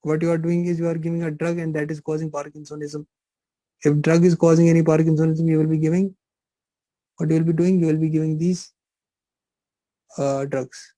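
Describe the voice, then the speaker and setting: A man's voice: a little high, level tone, a little fast, long pauses, warm tone, no echo, low-quality recording. A middle-aged male pharmacology lecturer, teaching a live online class, repeating points and firing rhetorical questions at students. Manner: repetitive, asks rhetorical questions, teasing.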